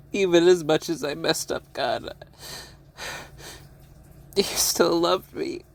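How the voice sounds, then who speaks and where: A tearful man speaks an emotional personal monologue in a slow, unhurried rhythm. His voice has a gravelly edge, and he stops often to repeat himself, with sighs and soft laughs between his phrases. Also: fairly high pitch.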